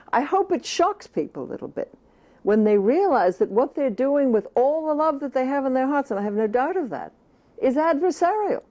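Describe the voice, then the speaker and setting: A woman with a mellow, warm voice gives an earnest interview as an author. She leans hard on key words and repeats phrases for stress, at times slipping into a baby's first-person view. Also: medium pitch.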